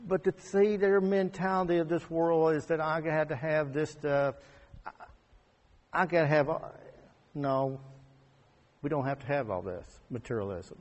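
A man's voice: fairly high pitch, a little slow, long pauses. Man preaching a sermon in a reverberant hall. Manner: conversational preaching, rising to emphatic peaks and dropping to quiet asides.

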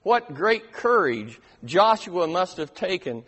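A man preaching a sermon, reading scripture with strong emphasis and slowing down on key lines. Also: a little high, sing-song, breathy edge. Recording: reverberant hall.

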